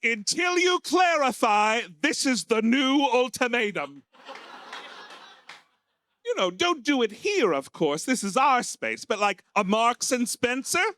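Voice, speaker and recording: His voice has big pitch swings, a sharp tone, and a slightly slow pace as this American man hosts stand-up comedy for a live audience in a small pub. Camp and theatrical, he swoops into shrill character voices, and the recording is dry.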